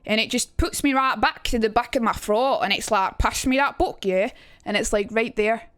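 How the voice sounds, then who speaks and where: High-voiced woman streaming. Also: brisk, fairly bright tone, smooth, dry recording. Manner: chatty and self-mocking, swears freely. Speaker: streamer teaching accents. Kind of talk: casual livestream chat.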